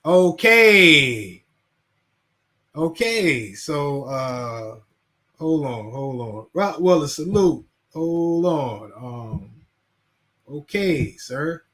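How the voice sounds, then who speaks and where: A man's voice: a little high, lively intonation, drawn-out words, sharp tone. A man hosting a casual livestream, rambling, laughing and reading chat names aloud. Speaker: livestream host.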